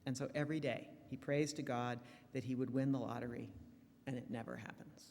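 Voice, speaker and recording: A woman's voice: extremely low pitch, brisk, gravelly, in a large hall. A woman minister giving a sermon in a church, telling jokes in a storytelling manner. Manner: warm storytelling, lively shifts in loudness. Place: church sanctuary.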